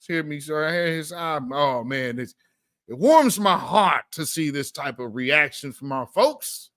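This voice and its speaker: A man's voice: a little high, lively intonation, measured pace, fairly bright tone, no echo, clean studio sound. A man hosting a political commentary show, talking in an emphatic, slangy, fired-up way.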